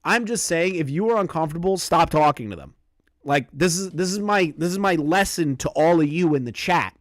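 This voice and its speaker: A young man runs a casual livestream commentary from his apartment, talking straight to his chat. His voice sits a little high for a man, and he curses freely and jumps into loud, shrieking disbelief. The sound is dry and close on a desk mic. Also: no echo.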